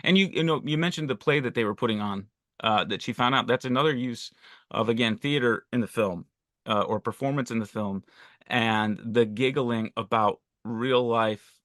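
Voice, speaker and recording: A man with a mid-range voice discusses a film on a podcast, analytical and a little halting. The sound is close and dry, with no room around him. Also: mid-range voice, fairly bright tone, dry recording. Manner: thoughtful, analytical, halting with fillers. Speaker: podcast co-host.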